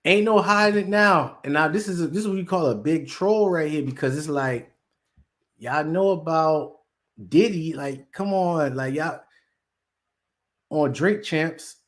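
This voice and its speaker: A man's voice: a little high, measured pace. A man hosting casual commentary, rambling in slang and acting out quotes from the people he talks about. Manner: slangy, rambling storyteller who acts out quotes. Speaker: commentary host.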